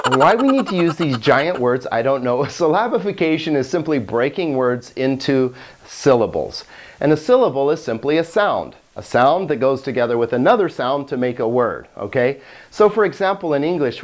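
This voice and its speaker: A man teaching Greek in a recorded video lesson, chatty and joking, slowing down to carefully pronounce example words. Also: mid-range voice. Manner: chatty, joking, laughs at own puns.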